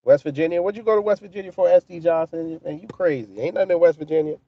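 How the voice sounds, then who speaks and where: A man's voice: fairly high pitch, fast talker, no echo, muffled recording. A man hosting a casual livestream, talking in a profane, mocking way and answering his chat. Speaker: livestream commentary host.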